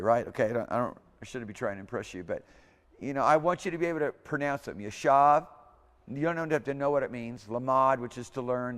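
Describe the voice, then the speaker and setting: A man lecturing a class in an informal, rambling way, correcting himself as he goes and repeating words aloud for students. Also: medium pitch. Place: lecture hall. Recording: hall reverb.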